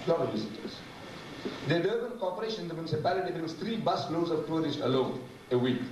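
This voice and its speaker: A man gives an animated, humorous public lecture and sometimes mimics other voices. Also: fairly high pitch, fast talker. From South Africa. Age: 70s. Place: large lecture hall. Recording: echoey hall, distant mic, noisy.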